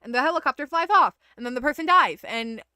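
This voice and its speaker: High, bright-voiced woman gaming streamer. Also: quick pace, dry recording, studio quality. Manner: animated, blunt, swears when upset. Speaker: streamer playing a video game. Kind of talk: casual gameplay commentary.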